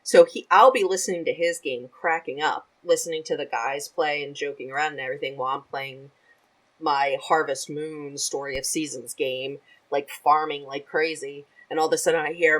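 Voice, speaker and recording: A chatty woman with a notably low voice speaks casually at a moderate pace as a podcast guest. She's animated and laughs easily, and the recording is rough.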